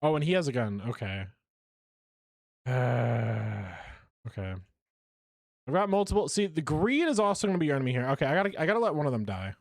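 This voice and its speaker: A man's voice: medium pitch, very animated, fairly quick, gravelly, long pauses, dry recording, clean studio sound. A man streaming a game live, chatty and self-mocking as he talks through his play. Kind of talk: live gameplay commentary.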